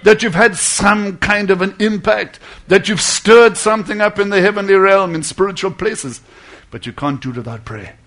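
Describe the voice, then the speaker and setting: A man preaching a sermon with fervent delivery, swinging between loud emphasis and hushed tones. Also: sits high, normal speed.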